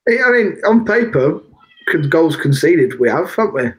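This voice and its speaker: A man's voice: fairly high pitch, very animated, normal speed. A man co-hosting a casual football podcast, blunt and full of jokey banter. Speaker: podcast co-host.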